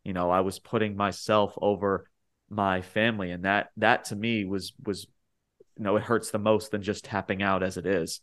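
A man co-hosting a casual wrestling podcast, talking in an animated, rambling way that rises sharply when he gets worked up. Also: on the low side, normal speed. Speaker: podcast co-host.

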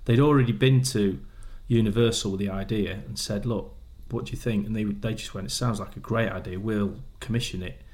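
A man, a former footballer, chatting casually and telling animated stories, often laughing as he acts out what people said. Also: on the low side, a little fast, hardly any pauses. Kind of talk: casual chat.

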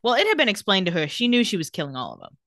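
A woman's voice: mid-range voice, sing-song, rapid-fire, a bit bright, dry recording. A young woman co-hosting a casual chat, retelling TV scenes and quoting the characters. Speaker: podcast co-host recapping a TV episode.

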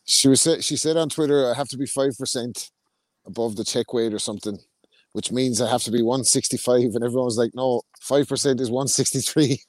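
A man's voice: mid-range voice, fairly quick, dry recording. A man co-hosting a boxing podcast, joking and laughing through casual banter. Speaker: podcast co-host.

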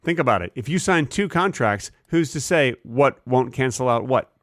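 A man co-hosting a podcast in casual comedic chat, deadpan and playfully absurd, with wide pitch swings. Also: normal speed, no echo, studio quality. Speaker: podcast co-host.

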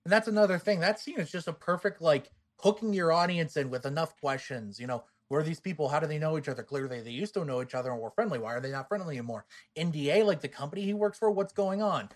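A man chats about a film in a loose, joking way, wandering into side remarks. His voice sits a little on the high side. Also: fast, hardly any pauses. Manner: joking, rambling asides. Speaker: podcast co-host. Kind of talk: casual movie discussion.

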